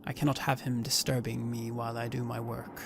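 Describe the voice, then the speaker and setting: A man playing a cleric in a tabletop game, talking in a measured, solemn way with some restarts. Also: mid-range voice, little pitch movement, noisy background. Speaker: player voicing a cleric. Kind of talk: tabletop role-play, in and out of character.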